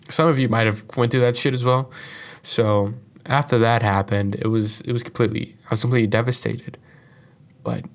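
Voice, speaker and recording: A young man hosting a podcast, telling a personal story in a casual, rambling monologue full of profanity and fillers. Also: medium pitch. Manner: profane, rambling, heavy use of "like". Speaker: podcast host.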